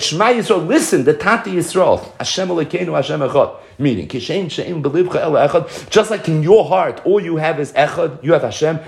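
A man's voice: on the high side, a little mellow. A man teaching a Talmud lesson, quoting Hebrew and Aramaic phrases, translating them into English and asking rhetorical questions. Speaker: Torah teacher.

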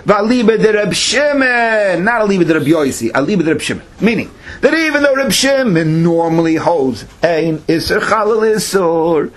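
Animated Yeshivish man teaching Talmud. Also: high voice, moderate pace, few pauses. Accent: Yeshivish English. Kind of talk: Talmud class lecture.

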